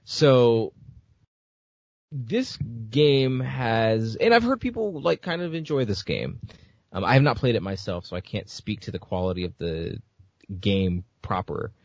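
A man's voice: medium pitch, expressive, unhurried, no echo, dull audio. A man hosting a casual gaming news podcast, rambling with lots of fillers and restarts. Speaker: podcast host.

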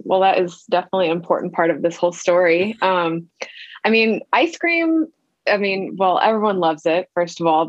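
A woman from Louisiana in her thirties talks through her story in a relaxed interview. She chats along with plenty of fillers and acts out what others said. The sound is slightly dull and dry, with no room echo. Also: on the low side. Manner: chatty, many fillers, acts out quoted voices. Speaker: guest, ice cream entrepreneur.

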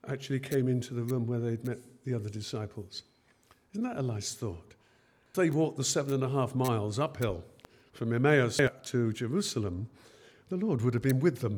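A man's voice: medium pitch, darkish tone. A man preaching a sermon in church. He retells the scenes as everyday conversations.

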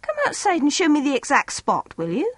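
A woman voicing a methodical village husband who asks questions in a slow, probing way. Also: sits high, huge pitch swings, dry recording, pitched above the performer's own voice.

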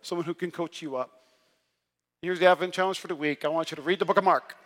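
A man's voice: a little high, quick pace. A man preaching a sermon in a large church, telling stories with energy and self-deprecating humor. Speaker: pastor. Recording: long reverb of a large hall.

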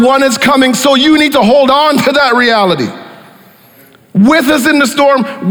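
Man, pastor, very high voice, emphatic sermon, echoing church hall. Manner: emphatic preaching with repeated phrases, drops to quiet for scripture.

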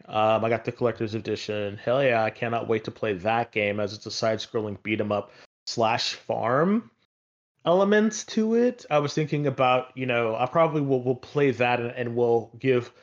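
A man's voice: mid-range voice, dull audio. Rambling man chatting about games. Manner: rambling, with many fillers and restarts. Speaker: podcast co-host. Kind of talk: casual chat about video games.

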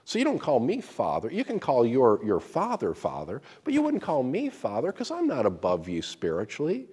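A man's voice: medium pitch, wildly swooping pitch, normal speed, darkish tone, slightly rough, big-room sound. A man preaching a sermon as pastor, emphatic and often repeating words as he restarts.

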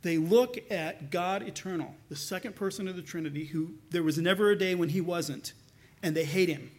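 A male pastor delivers a sermon in a high, light voice. He tells the story in an animated, conversational way with casual asides. He often repeats a word as he starts a sentence again. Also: moderate pace. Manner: repeats words when restarting.

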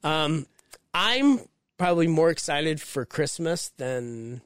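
A man co-hosting a podcast, telling stories in a casual, profane, animated way. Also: on the high side, slow, smooth, dry recording, clean studio sound. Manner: profane, storytelling, animated when quoting. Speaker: podcast co-host. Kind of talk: casual chat.

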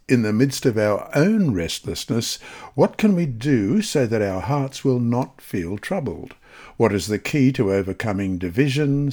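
A man reading a scripted devotional Bible study in a measured, earnest way, slowing on key phrases. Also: medium pitch, darkish tone. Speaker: devotional reader.

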